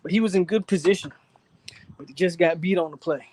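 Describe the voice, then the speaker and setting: A man hosting a live fan reaction stream, out of breath, talking in excited, repetitive slang outdoors in the wind. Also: high-pitched, brisk. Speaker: channel host. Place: outdoors, windy.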